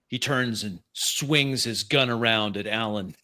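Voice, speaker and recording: A man narrating a tabletop role-play as game master, describing scenes in a halting way with fillers. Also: lowish voice, sharp tone.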